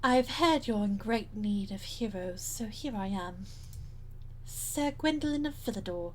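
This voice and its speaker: A woman voicing a boastful, haughty young male knight in a game, lowering her voice. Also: lively intonation, unhurried, a little hiss or hum, lightly acted. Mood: smug. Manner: smug, haughty.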